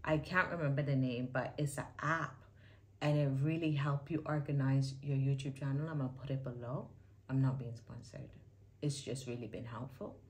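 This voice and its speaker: Low-voiced woman vlogger, candid, emphatic reaction commentary with soft asides. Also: steady tone, normal speed. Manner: candid, emphatic, drifts between loud bursts and soft asides. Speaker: YouTuber reacting to a clip.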